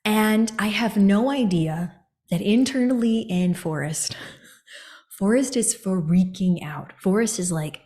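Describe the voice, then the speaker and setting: A woman from the United States hosting a podcast, telling a personal story in an expressive coaching manner, sometimes whispering or singing a phrase for emphasis. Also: mid-range voice, slow. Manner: expressive, animated, often drops into a whisper or a sung phrase for emphasis. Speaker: podcast host.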